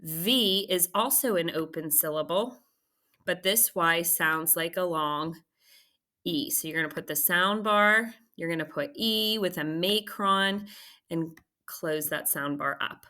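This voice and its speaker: Woman teacher with a low, bright, forceful voice who explains patiently and checks in often. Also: unhurried. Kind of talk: recorded phonics lesson walkthrough.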